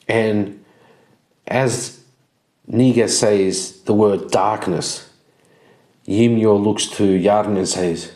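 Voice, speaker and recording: A man's voice: on the low side, steady tone, darkish tone. A man narrating a solo tabletop role-playing game as game master, in a loose storytelling manner. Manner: slow, loose storytelling with restarts. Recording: roomy echo.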